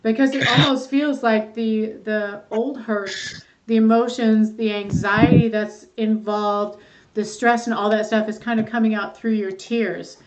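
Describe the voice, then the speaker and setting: Candid woman therapist, slightly high voice. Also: steady tone, a little slow, highs cut off, a little hiss or hum. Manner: candid, swears freely, laughs easily. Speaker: therapist guest. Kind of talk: casual podcast chat.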